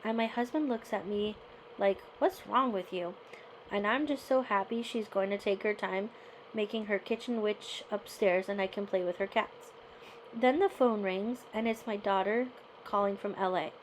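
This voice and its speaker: A woman's voice: mid-range voice, normal speed, a little hiss or hum, poor audio. A woman reading a memoir chapter aloud, then talking it over in a conversational way and often checking in with "right?". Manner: conversational, tags remarks with "right?". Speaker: host.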